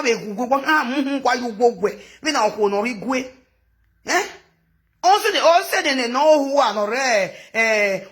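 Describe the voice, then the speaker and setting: A woman's voice: on the high side, a bit bright. A Nigerian woman giving rambling, chatty gossip commentary into her phone, mixing in local phrases and laughing often. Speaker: social media commentator.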